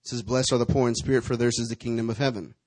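A pastor preaching a sermon, calling on the congregation to answer him, moving from hushed asides to rousing calls. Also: male voice, medium pitch, steady tone, very fast, no room sound. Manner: preachy call-and-response, shifting from hushed to rousing.

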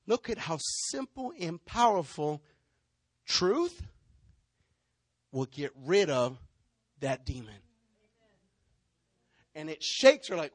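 A male pastor preaching a sermon in an animated way, stepping into role-play to act out members of his congregation. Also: a little high, slow, pauses often, slightly rough, no echo.

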